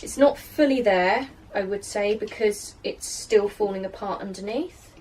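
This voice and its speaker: A woman's voice: mid-range voice, measured pace, darkish tone, slight background noise. A woman vlogger giving a casual how-to baking walkthrough in a home kitchen, chatty and self-deprecating, and coaxing her dough along as she works. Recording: distant mic with faint kitchen clatter.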